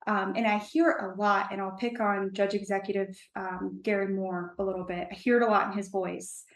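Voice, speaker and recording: A woman's voice: mid-range voice, level tone, a little fast, reverberant, far from the mic. A woman from Indiana, an editor, answering casually, emphatic yet full of fillers. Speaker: newspaper editor.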